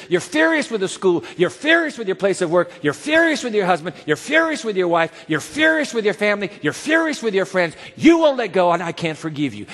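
Animated preacher in a reverberant hall. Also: male voice. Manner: dramatic, acting out quoted voices with wide swings in pitch and volume. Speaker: pastor. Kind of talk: sermon.

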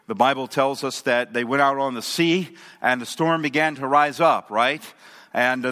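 A man's voice: on the high side, bright, forceful tone. A male pastor preaching a sermon, emphatic and asking the audience questions. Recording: long hall reverb.

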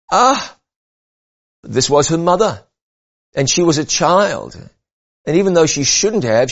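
A man preaching a sermon, earnest and measured, rising and falling for emphasis. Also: on the high side, highs cut off.

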